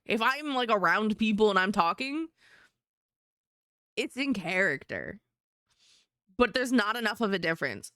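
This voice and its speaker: Chatty woman streamer, smooth voice. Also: mid-range voice, very animated, unhurried, pauses often, bright, forceful tone, no echo, studio quality. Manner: rambling, chatty, self-mocking. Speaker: streamer and artist. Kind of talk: casual chat while drawing on stream.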